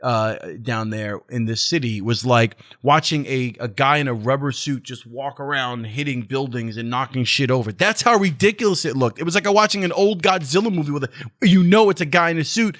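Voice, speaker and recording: A man's voice: fairly high pitch, normal speed, fairly bright tone. Blunt, profane male film reviewer. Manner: blunt, profane, exasperated and sarcastic. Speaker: movie reviewer, channel host. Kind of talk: casual ranting film review.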